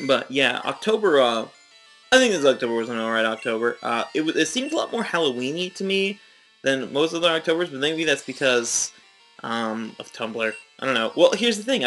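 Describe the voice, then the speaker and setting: A man's voice: mid-range voice, sharp tone, low-quality recording. A young man giving rambling, chatty, self-mocking commentary while he plays a game. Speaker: let's play host. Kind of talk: casual gameplay commentary.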